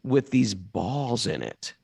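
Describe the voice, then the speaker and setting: A man quoting a homeless man who lives in the trash, in a slow, morose retelling. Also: mid-range voice, big pitch swings, vocal fry, darkish tone, husky, no room sound, studio quality, heavily acted.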